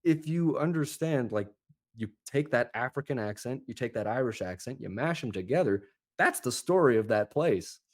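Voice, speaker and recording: Guy chatting on a podcast, mid voice, lively, tells stories. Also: medium pitch, normal speed. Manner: animated storyteller, lively asides. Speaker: accent coach guest. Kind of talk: casual podcast chat.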